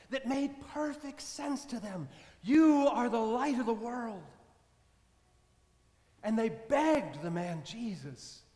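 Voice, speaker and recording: A man, a priest, preaching a sermon as a slowly told story, dropping soft for dramatic moments. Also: high voice. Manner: slow, measured storytelling with soft dramatic drops. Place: church. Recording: echoey church with long reverb.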